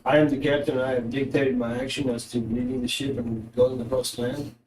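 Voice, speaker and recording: A man's voice: medium pitch, level tone, a little fast, a little mellow, far from the mic, slight background noise. Man running a tabletop game in an echoey room. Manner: loose, rambling narration with fillers. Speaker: dungeon master.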